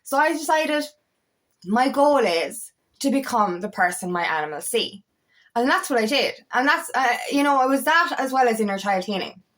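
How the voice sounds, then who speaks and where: A woman with a fairly high voice gives a casual, heartfelt monologue as a self-love coach. She swears freely and stumbles over repeated words as she thinks aloud. She swings from high, fervent peaks down to low, quiet asides. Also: expressive, normal speed. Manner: emphatic, swears freely, repeats words while finding them.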